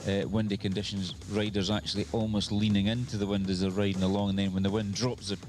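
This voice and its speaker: Man, radio co-host, calm explainer, lowish voice, faint music behind. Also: fast talker. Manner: relaxed, knowledgeable, explains calmly. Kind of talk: casual live radio chat.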